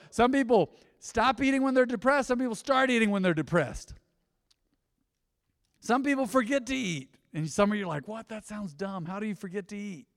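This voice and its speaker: A man's voice: on the high side, in a large hall. A man in his thirties preaching a casual, conversational sermon to a church congregation, full of rhetorical questions and asides. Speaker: pastor. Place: church sanctuary.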